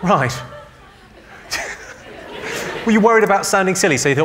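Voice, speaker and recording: A man doing a stand-up comedy set on a theatre stage, trading deadpan one-liners and banter with the audience. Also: high voice, normal speed, pauses often, over a noisy crowd. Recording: live show with loud audience noise.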